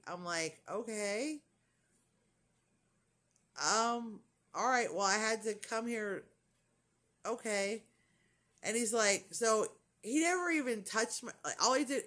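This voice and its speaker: A woman's voice: fairly high pitch, animated, a little slow, a bit bright. Chatty indignant middle-aged woman vlogger. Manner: chatty and indignant, quoting others, frequent likes and sighs. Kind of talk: casual storytelling vlog.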